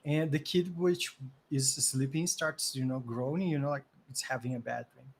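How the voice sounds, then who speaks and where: A man running a tabletop role-playing game as game master, narrating vividly with pauses and fillers. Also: mid-range voice, steady tone, slight background noise. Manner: vivid, pausing with fillers, acts out voices.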